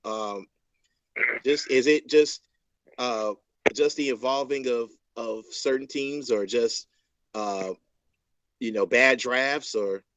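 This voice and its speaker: Halting man hosting a sports chat. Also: mid-range voice, fairly bright tone, no echo, dull audio. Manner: halting, many fillers and restarts. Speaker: podcast host.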